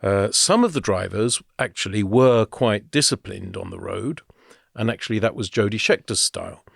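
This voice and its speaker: A man's voice: lowish voice, expressive, normal speed, creaky, a bit bright, slightly rough, dry recording, studio quality. A man co-hosting a motor racing podcast, telling stories in a chatty, rambling way with fillers. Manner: chatty, storytelling, with fillers and laughs. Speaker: podcast co-host. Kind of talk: casual podcast chat.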